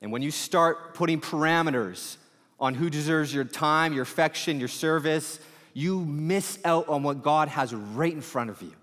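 A male pastor preaching a sermon in a conversational, storytelling way, full of quick asides. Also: fairly high pitch, a bit bright, big-room sound.

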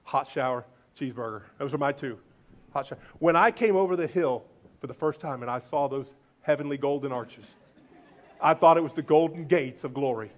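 A male pastor giving a lively, joking sermon, swinging between loud declarations and hushed asides. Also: mid-range voice, fairly quick, highs cut off. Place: church sanctuary.

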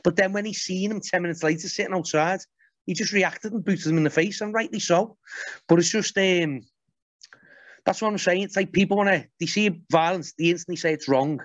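A man, speaking a little high for a man, talks bluntly and swears freely as he tells stories on a podcast. The dry, close sound is a bit dull and muffled. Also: brisk, no room sound. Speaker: podcast guest. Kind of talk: casual podcast chat.

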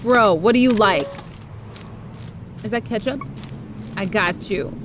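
A woman's voice: medium pitch, animated, slow pace, slight background noise. A woman in her thirties playing a video game with giggly, chatty commentary. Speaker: gaming YouTuber. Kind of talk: let's play commentary. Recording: commentary over game music.

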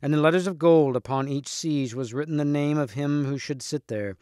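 A man reading a storybook aloud in a steady, clear narrating manner. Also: on the high side, moderate pace, no room sound, studio quality. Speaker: reader.

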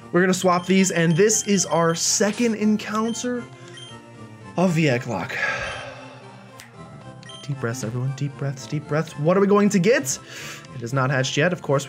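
A chatty young man talks through a video game run in an animated, self-deprecating way. His voice sits high for a man, and faint game music plays under the commentary. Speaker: let's play host.

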